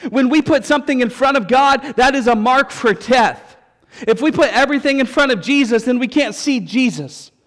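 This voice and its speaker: A male pastor preaching a sermon, telling stories with repeated refrains in an animated way. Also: extremely high pitch, normal speed. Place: church sanctuary. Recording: long reverb of a church hall.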